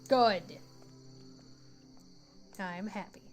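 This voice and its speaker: A woman's voice: medium pitch, drawn-out words. A woman playing a tabletop game, joking and teasing in casual banter. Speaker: player. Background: background music.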